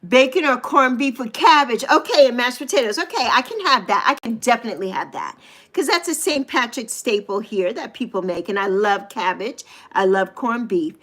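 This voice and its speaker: Bright-voiced laughing American woman. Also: fairly high pitch. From United States. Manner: chatty, laughs often, swears casually. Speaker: live stream host. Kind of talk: casual live chat with viewers.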